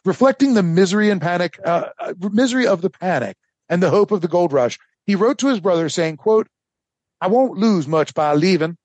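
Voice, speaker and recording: A man co-hosting a history podcast, telling the story in a casual, animated way with lots of fillers. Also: sits high, brisk, no room sound. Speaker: podcast co-host.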